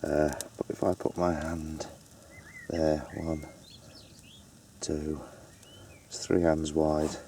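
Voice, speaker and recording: Low gravelly man vlogging outdoors. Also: flat delivery, slow pace, pauses often, dark tone, slight background noise. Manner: chatty, playful, narrating cooking to camera. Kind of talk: casual camping vlog chat. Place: outdoors at a campsite.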